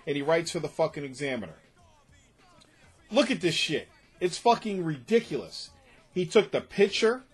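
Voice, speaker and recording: A man's voice: medium pitch, husky. A man who runs a gaming website, ranting angrily to camera and swearing nonstop. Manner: furious, profane, repeating himself. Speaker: gaming site owner and writer. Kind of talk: angry rant to camera.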